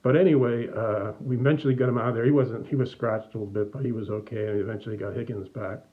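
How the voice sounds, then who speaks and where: A man's voice: mid-range voice, fast talker, phone-quality sound. A middle-aged man telling a children's story in a church message, acting out the voices as he goes. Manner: animated, acts out voices. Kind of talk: storytelling to kids.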